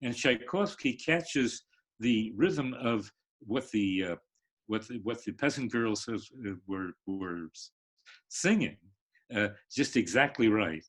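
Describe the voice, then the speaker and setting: Older male professor, husky tone, rambling lecture delivery with many fillers. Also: on the low side, animated. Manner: halting, many fillers and restarts, sings rhythms. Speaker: literature professor. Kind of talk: lecture-style discussion. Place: online live stream.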